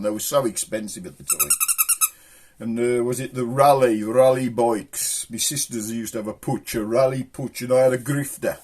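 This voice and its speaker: A man's voice: mid-range voice, a little mellow, husky. Middle-aged black country bloke rambling thru jokes to his viewers, laughs at his own punchlines. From England. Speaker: channel host. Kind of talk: casual chat, telling jokes to camera.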